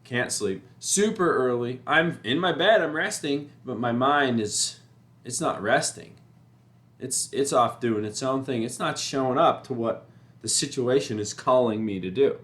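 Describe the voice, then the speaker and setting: A man talking in a casual, rambling way about staying calm, repeating himself and getting animated when he describes panicking. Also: medium pitch, measured pace. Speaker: motivational speaker. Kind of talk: casual spoken reflection.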